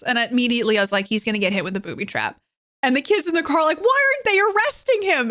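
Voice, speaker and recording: A young woman hosting a podcast, retelling a movie's plot in a casual, animated way and laughing often. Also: very high-pitched. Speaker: podcast host.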